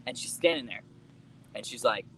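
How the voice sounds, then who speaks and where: A young man talking as an interview guest, recounting family stories in a loose, chatty way. He laughs often and swears casually, with a voice of middling pitch. A faint hum of noise sits under the recording. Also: animated, normal speed, bright, forceful tone, low-quality recording.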